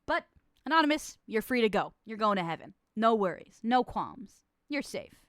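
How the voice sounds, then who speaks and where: A woman streamer hosting a confession bit as a nun, her voice sitting a little high and bouncing widely in pitch. She swings from mock-solemn, theatrical verdicts to crude banter and frequent laughter, recorded close and dry. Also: big pitch swings, normal speed, fairly bright tone, dry recording. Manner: laughs often. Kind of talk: casual stream chat, playing a nun hearing confessions.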